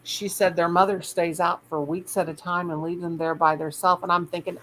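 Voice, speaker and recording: A woman's voice: lowish voice, a little fast, hardly any pauses, slight background noise, rough recording. An older woman, a teacher, telling a rambling story in casual chat and acting out what other people said. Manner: rambling, animated quoting of others.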